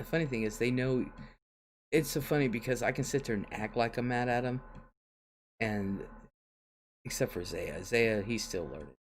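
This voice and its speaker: A woman's voice: a bass voice, darkish tone, a little hiss or hum. An older woman hosting a casual livestream, chatting and reading viewer comments aloud with frequent chuckles. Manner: chuckles often, chatty and rambling. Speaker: livestream host.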